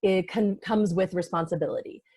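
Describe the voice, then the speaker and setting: A woman's voice: lowish voice, fairly even intonation, normal speed, dark tone, husky, no echo. A woman author, a guest on a podcast, speaking in a thoughtful, reflective way in casual conversation.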